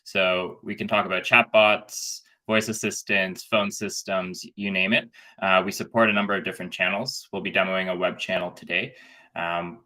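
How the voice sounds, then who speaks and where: A man on a live tech show as a guest, friendly and relaxed as he explains his work. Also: low voice. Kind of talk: casual interview.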